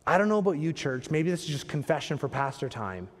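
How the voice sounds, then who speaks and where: A man's voice: a little high, big pitch swings, fast, long reverb tail. A male pastor preaching a sermon in a church sanctuary, talking conversationally and putting rhetorical questions to the congregation.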